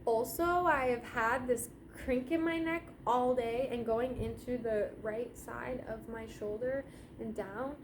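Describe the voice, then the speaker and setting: A woman who teaches yoga and reads oracle cards delivers a casual, meandering energy update directly to her audience, whom she addresses as guys. Her voice sits on the high side, with fairly even intonation and a measured pace, and there's slight background noise.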